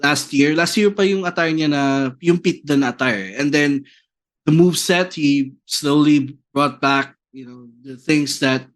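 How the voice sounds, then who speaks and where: Man, podcast co-host, slightly high voice, halting casual chat. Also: fairly bright tone. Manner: code-switching, halting with restarts.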